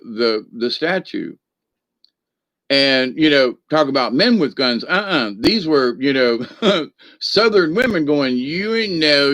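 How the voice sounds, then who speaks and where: This livestream host from the northern US has a medium-pitched, fairly bright voice, recorded with no echo. He rambles about spiritual matters in a folksy, feisty way, laughing often, reading viewer comments, and greeting viewers by name.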